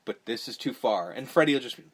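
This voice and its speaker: In a mid-range voice, a little fast, a podcast host recounts a horror flick, animated and cursing as he chats. Now and then he imitates what the characters say mid-story.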